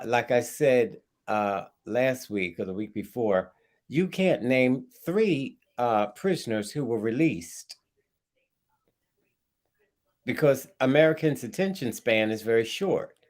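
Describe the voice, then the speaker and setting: A man on a talk panel speaks slowly, pausing on ums between points. His pitch rises and falls widely as he makes his case emphatically. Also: a little mellow. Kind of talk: casual debate.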